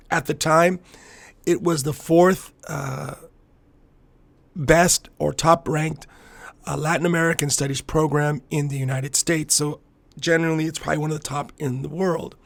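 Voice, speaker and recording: A man in his fifties from the US–Mexico border region tells a personal story on his podcast. His voice sits a little high with a gravelly, fry-laced edge. He rambles reflectively and restarts often, and the sound is dry and close. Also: no room sound. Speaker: podcast host and capoeira master.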